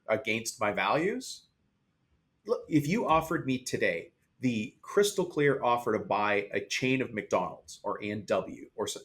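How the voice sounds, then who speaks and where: A man's voice: medium pitch, fairly bright tone. Plain-voiced man telling stories candidly. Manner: candid, storytelling, mimics others in quotes. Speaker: podcast guest, business coach. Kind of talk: conversational interview.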